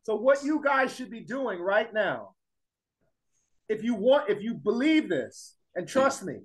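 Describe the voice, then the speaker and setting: Emphatic male teacher with a high voice, lecturing and pressing the class with questions. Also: very animated, unhurried, rough recording. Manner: emphatic, repeats points, fires rhetorical questions at the class.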